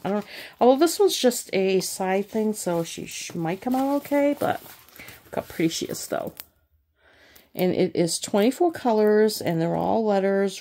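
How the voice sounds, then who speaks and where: A tired middle-aged woman chatting casually as she unboxes craft kits, rambling and thinking out loud with frequent restarts. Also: mid-range voice, a little hiss or hum. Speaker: crafting channel host.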